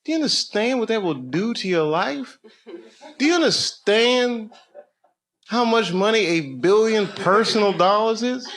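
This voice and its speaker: A middle-aged man doing a stand-up routine, telling stories in a profane, animated way and slipping into mock voices. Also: high-pitched, measured pace. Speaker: stand-up comedian. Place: comedy club stage with a laughing audience. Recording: loud audience noise, live club recording.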